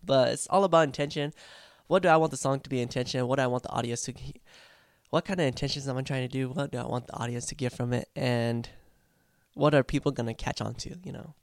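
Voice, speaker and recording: Talking fast in a medium-pitched voice, a young male vlogger muses about practicing his own song, stumbling through fillers and restarts as he rambles reflectively. The audio is studio quality with no echo.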